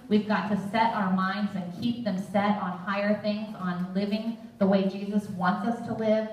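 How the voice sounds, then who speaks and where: A woman's voice: mid-range voice, a little mellow. Earnest woman teaching in an echoey hall. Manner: earnest, conversational, quotes scripture. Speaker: Bible teacher. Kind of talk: sermon-style teaching. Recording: very echoey room from far off.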